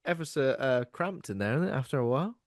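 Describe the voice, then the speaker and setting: A man on a podcast, chatting casually and tossing in quick jokes. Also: medium pitch, expressive, no echo, clean studio sound. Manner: jokey, quick with wisecracks. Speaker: podcast co-host. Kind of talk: casual chat.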